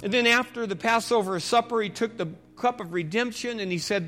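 A male pastor preaching a sermon, telling the story with loud calls and dropping to a hushed voice for prayer. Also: high-pitched, fairly quick, few pauses, faint music behind.

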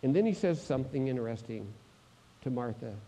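A man preaching a sermon, swinging between loud proclamations and hushed moments, asking the congregation direct questions. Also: medium pitch, lively intonation, a little fast. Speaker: pastor.

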